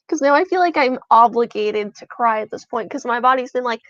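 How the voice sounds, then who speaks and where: A woman's voice: a little high, a little fast, hardly any pauses, dry recording, dull audio. A young woman streaming a casual reaction, reading fanfiction aloud and chatting emotionally to herself.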